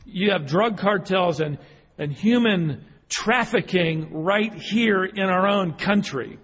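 A man's voice: high voice, takes it slowly, fairly bright tone, slightly rough. A man delivering a sermon, telling a story with frequent restarts and repeated words, then building to emphatic peaks. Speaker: preacher. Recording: hall reverb.

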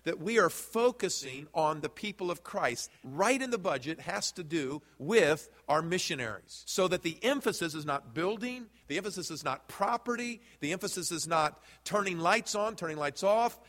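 A man with a high-pitched voice preaches a sermon from the pulpit, speaking straight to his congregation and asking them questions. His voice rings with a long reverb through the church sanctuary. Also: expressive, normal speed, hardly any pauses, a bit bright. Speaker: pastor.

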